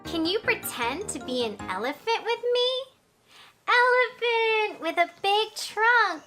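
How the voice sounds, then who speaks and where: A young adult woman teaching toddlers through play, talking in a slow, exaggerated, encouraging sing-song. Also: extremely high pitch, sing-song, sharp tone, faint music behind. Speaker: early-childhood teacher.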